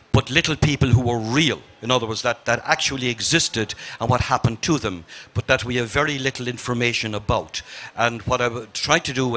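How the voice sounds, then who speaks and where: An older Irish man, a novelist, telling a festival panel about his life and writing in an earnest, halting way with many restarts. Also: mid-range voice, sharp tone. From Ireland. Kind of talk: reflective festival conversation.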